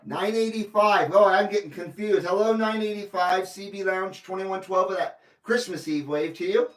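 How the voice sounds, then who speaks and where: A high-pitched man works the CB radio, calling out handles and chatting in a casual, rambling way. He sits back from the mic in an echoey room, with a faint hiss underneath. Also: normal speed, a bit bright. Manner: friendly, repeats call numbers, rambling asides. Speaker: CB radio operator hosting a livestream. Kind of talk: casual radio call-outs and chat. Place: radio station room in Carson City, Nevada. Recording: roomy, distant mic, faint noise.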